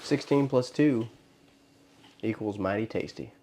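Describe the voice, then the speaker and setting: Low-voiced man with dry teasing banter. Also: unhurried, warm tone, a little hiss or hum. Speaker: podcast co-host. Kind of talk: casual chat.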